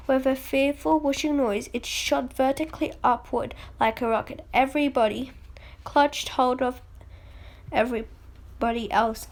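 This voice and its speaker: High-voiced woman reading a storybook. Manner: reads steadily with frequent slips and self-corrections. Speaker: reader. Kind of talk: reading a children's book aloud.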